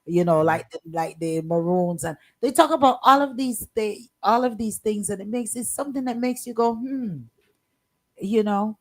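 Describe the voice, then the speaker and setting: A woman's voice: mid-range voice, moderate pace, hardly any pauses. A woman co-hosting a casual talk radio show, speaking expressively with a swooping delivery. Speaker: co-host.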